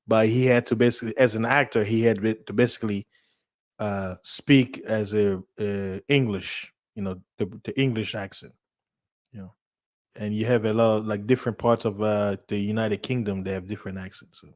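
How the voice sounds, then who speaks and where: A man's voice: on the low side, fairly even intonation, moderate pace. A man hosting a casual livestream, rambling, repeating himself and laughing often. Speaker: livestream host.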